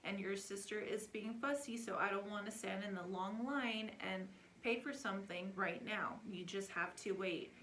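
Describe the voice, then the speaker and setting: A woman doing a harried dad at a ballgame, firm and hurried, fatherly, in her own everyday voice. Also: medium pitch, fairly bright tone, a little hiss or hum, lightly acted. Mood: patient refusal. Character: stressed dad at a kids' ballgame.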